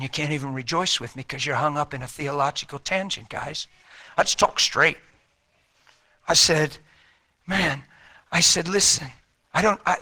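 A man preaching a sermon, telling a story and acting out the dialogue, with folksy, colloquial talk. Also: a little high. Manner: animated, acts out quoted dialogue in a raised voice. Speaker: traveling preacher. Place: church.

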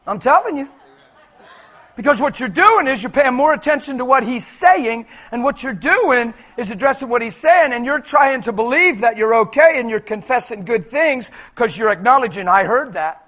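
A male preacher delivers his sermon in a high, lively voice at a moderate pace. His manner is animated, colloquial and conversational.

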